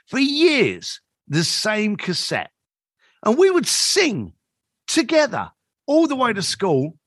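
A man talking as a podcast guest, spinning a story and voicing the people in it. His voice sits fairly high and moves a lot in pitch. The recording is close and dry. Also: creaky, breathy edge, dry recording. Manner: animated storyteller who acts out quoted dialogue.

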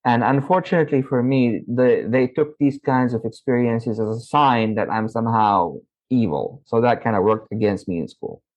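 A middle-aged man from Saudi Arabia, a podcast guest telling stories from his youth in an animated way. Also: mid-range voice, moderate pace, hardly any pauses. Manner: animated, acts out his own past dialogue. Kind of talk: interview storytelling. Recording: slightly muffled audio.

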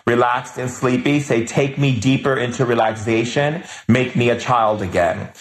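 A man runs a live spiritual healing session, reading viewers' comments out loud and replying with gentle, loving commands delivered almost like a chant. He speaks at a medium pitch and normal speed, and the sound is roomy.

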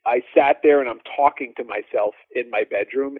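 A male drummer telling animated stories as a podcast guest, with lots of fillers and restarts. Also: mid-range voice, normal speed, hardly any pauses, no echo. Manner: animated, laughing storyteller, many fillers. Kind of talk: casual storytelling interview. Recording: dry phone-like line.

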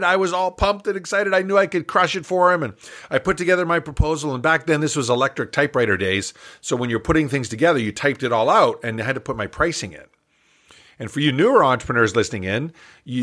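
An older man, an entrepreneur guest in an interview, telling a story in a lively, animated way with frequent laughs. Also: on the high side.

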